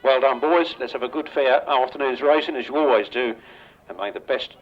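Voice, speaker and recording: An older English man announcing riders and calling a grasstrack race over a loudspeaker at an outdoor track, chatty and joking with the riders. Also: mid-range voice, fairly quick. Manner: chatty, jokey, banters with riders. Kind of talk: live grasstrack commentary over a PA. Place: outdoor racetrack. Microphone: public address microphone. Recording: dull lo-fi outdoor recording.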